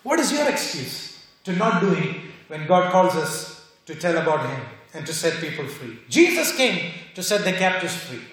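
A man's voice: fairly high pitch, very animated, moderate pace, a bit bright. A man preaching a sermon, emphatic and fond of repeated rhetorical questions. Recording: very echoey hall.

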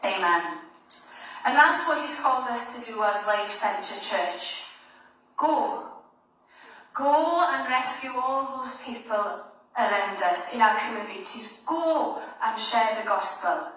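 A woman's voice: mid-range voice, a bit bright, recorded from a distance. Woman preaching in an echoey hall. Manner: emphatic, repetitive exhortation. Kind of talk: sermon. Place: church hall.

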